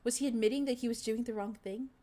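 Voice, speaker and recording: A woman reading fan fiction aloud in a steady, earnest narrating voice. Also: fairly high pitch, fast talker.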